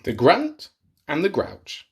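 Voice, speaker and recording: A man reading a picture book aloud to children in a playful, animated way, sometimes dropping to a whisper. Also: on the high side, slow pace, a little hiss or hum. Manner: animated, playful, drops to whispers for gross bits. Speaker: children's storyteller. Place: office.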